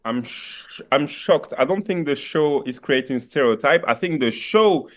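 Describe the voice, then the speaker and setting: A young French-accented man speaking on a video call, his voice sitting a touch high for a man. He gropes for words with plenty of fillers and restarts. The sound is fairly close and plain. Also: lively intonation, measured pace, fairly bright tone. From France. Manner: thoughtful, many fillers and restarts. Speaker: actor guest. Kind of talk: radio interview over video call.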